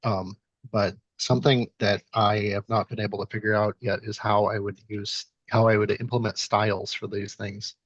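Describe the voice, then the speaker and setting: A low-voiced man speaks in a flat, husky tone through dull, lo-fi call audio. He talks hesitantly, filling his sentences with ums and likes. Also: normal speed, dry recording. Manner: hesitant, many fillers and "like". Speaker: meeting participant. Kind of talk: casual online meeting talk. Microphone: video call.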